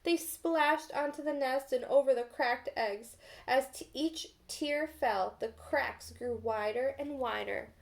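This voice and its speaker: A woman reads a picture book aloud to young children, gentle and patient, stopping to ask what they think. Her voice is high and her pace slow and deliberate. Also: gravelly. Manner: gentle, asks children questions. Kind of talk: children's storybook read-aloud.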